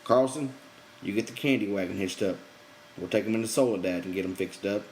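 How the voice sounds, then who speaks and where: A man voicing a calm, respected ranch hand who speaks plainly and steadily. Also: fairly low pitch, brisk, slight background noise, natural voice, low-quality recording. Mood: steady.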